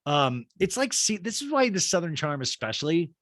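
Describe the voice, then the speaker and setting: A man riffs through a comedic recap in a casual, mocking tone. His pitch swings widely as he talks. The sound is dry and close, with no room around it. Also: normal speed, no room sound. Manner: animated, mocking, slips into exaggerated voices for quotes. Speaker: podcast host recapping a reality show.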